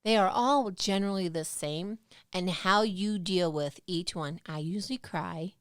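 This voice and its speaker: A woman's voice: lowish voice, unhurried, clean tone, no room sound, studio quality. A woman co-hosting a podcast, chatting frankly and swearing freely in a casual talk. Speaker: podcast co-host. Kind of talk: candid casual chat.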